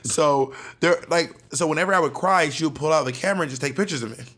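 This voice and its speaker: A young man from Georgia co-hosts a podcast in relaxed chat. He tells stories with energy and acts out the voices of the people in them. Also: a little high, fast. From Georgia, USA. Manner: animated storyteller, acts out quotes. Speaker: podcast co-host. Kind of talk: casual chat.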